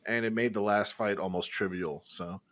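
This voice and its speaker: A man co-hosting a gaming podcast, chatting casually and excitedly with swearing and filler words. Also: lowish voice, normal speed. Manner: animated, swearing, "like" and "dude" fillers. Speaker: podcast co-host. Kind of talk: casual chat.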